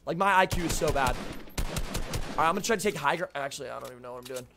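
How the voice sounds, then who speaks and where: A man's voice: fairly high pitch, very fast, gravelly, noisy background. A young man streaming a video game live, chatting with his viewers, greeting them by name and repeating himself when flustered. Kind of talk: live gameplay commentary to chat.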